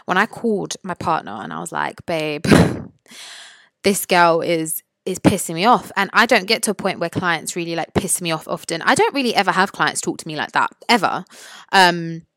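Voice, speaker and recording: A woman's voice: lowish voice, moderate pace, no room sound. A young woman, a lash technician, casually and indignantly retelling a story about a rude client, quoting the messages back and forth. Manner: animated, indignant retelling with quoted dialogue. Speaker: lash technician and podcast host.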